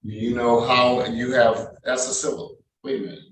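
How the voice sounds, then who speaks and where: A man's voice: medium pitch, little pitch movement, normal speed, a bit bright, slight background noise, poor audio. A man presiding as a judge, formally reading out charges, fines and rights in a court hearing. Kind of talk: court proceedings over a video call.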